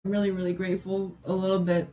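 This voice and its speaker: A woman's voice: medium pitch, completely flat delivery, fast, warm tone. A woman in her forties hosting her own podcast, chatty and emotional, a little jet-lagged, swearing casually as she talks. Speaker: podcast host and life coach. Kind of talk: casual solo podcast monologue.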